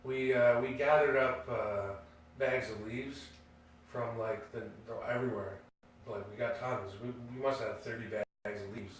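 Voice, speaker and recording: A man's voice: medium pitch, steady tone, measured pace, slight background noise. A man, co-hosting a podcast and telling a story casually, rambling with fillers and restarts. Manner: rambling, full of fillers and restarts, laughing at his own story. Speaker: podcast co-host. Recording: echoey room, distant mic.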